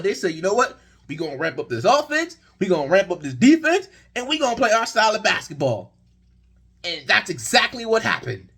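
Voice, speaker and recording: A young man with a slightly husky voice rambles through a casual basketball recap. His pitch rises and falls widely as he tells the story, and he sounds exasperated throughout. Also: sharp tone. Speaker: sports vlogger.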